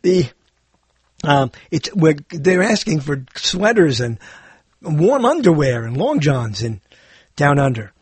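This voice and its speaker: A playful man meanders through a solo monologue on his own show, chuckling at his own asides. His voice is a bit husky and sits slightly high, with a lively, swinging pitch. It is recorded dry and close, with faint music underneath. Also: slow, pauses often, no room sound. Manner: playful, meandering, self-amused with frequent laughs. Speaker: podcast host.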